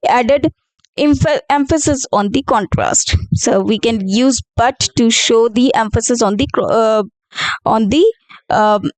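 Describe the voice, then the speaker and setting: A woman's voice: a little high, a little mellow, no room sound, poor audio. A woman teaching an English grammar lesson, reading out example sentences and explaining them with fillers and self-corrections.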